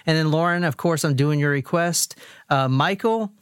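A man's voice: fairly high pitch, moderate pace, clear, resonant tone, no echo. Male podcast host, crude rambling joker, dry close mic. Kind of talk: casual banter.

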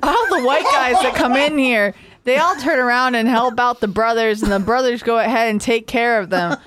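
A woman's voice: on the high side, normal speed, fairly bright tone, lightly acted. Woman doing a brash male inmate, hammy, noisy background. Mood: menacing mock. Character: male prison inmate propositioning a newcomer.

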